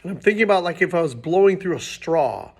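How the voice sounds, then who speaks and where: A man's voice: sits high, animated, quick pace, breathy edge. A man teaching beginners trumpet basics, explaining patiently in a plain, casual way with the odd restart. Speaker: music teacher. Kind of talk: instructional demonstration.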